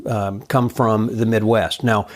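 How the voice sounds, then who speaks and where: A man hosting a casual interview about magic. He talks haltingly, with many "uh" fillers and dry joking asides. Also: fairly low pitch, fairly even intonation. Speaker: podcast host and magician.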